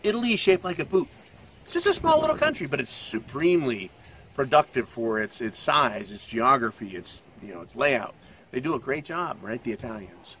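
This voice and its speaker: A man's voice: mid-range voice, sing-song, normal speed, fairly bright tone, slight background noise. An older American man hosting his own channel, giving rambling, profane, jokey commentary on the economy. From United States. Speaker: channel host.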